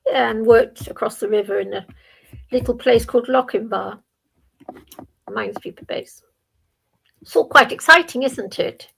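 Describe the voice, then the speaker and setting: Older woman, stream host, high and gravelly, chatty self-talk. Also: a bit bright. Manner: chatty, rambling, talks to herself. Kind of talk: casual live-stream chat.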